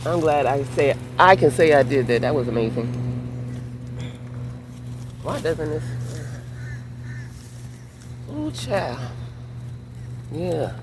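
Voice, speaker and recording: A woman's voice: low voice, takes it slowly, long pauses, background noise. A woman vlogger telling a casual storytime in a chatty way, sitting in a minivan by the beach. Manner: animated, chatty storytelling with exclamations.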